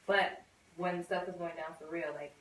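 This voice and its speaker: A woman on a discussion panel, soft-spoken and relaxed, with many fillers. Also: on the low side, moderate pace. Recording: echoey room, far from mic, faint noise.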